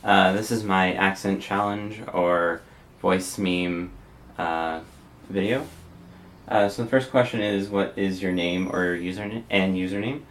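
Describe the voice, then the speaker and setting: Low-voiced young Canadian man. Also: steady tone, unhurried, slight background noise. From Windsor, Ontario, Canada. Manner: hesitant, frequent uh fillers, soft-spoken. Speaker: vlogger. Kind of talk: casual accent challenge reading.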